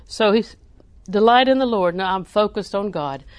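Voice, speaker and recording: A woman preacher, delivering a sermon with animated emphasis that rises to near-shouting. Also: mid-range voice, normal speed, clear, resonant tone, no echo.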